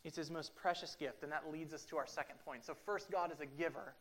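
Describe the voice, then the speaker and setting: Man preaching, loud then hushed. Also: on the high side, fairly even intonation. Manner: swings between loud emphatic lines and quiet, drawn-out passages; acts out quoted everyday talk for illustration. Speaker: pastor. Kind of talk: sermon. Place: church room with a congregation.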